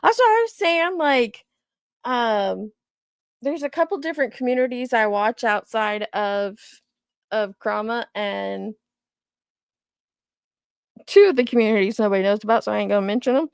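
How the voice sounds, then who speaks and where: A woman's voice: medium pitch, normal speed, creaky, long pauses, smooth, dry recording, clean studio sound. A woman in her thirties, hosting a casual livestream and chatting loosely while she reacts to viewer comments. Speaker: commentary channel host.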